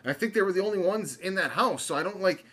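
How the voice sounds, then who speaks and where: A man's voice: high voice, lively intonation, quick pace, fairly bright tone. A young man telling a story on a podcast in a rambling way, stumbling and restarting often. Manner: rambling, stammering with many restarts. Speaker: podcast co-host. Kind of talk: casual storytelling.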